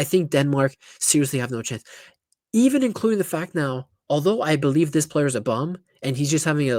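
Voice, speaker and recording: A man of middle pitch breaks down football matchups in a loose, opinionated way, often correcting himself mid-sentence. The sound is dry and close, with hardly any room around the voice. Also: a little mellow, dry recording. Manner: chatty and blunt, with frequent restarts and asides. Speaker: football pundit YouTuber. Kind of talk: casual opinionated football analysis.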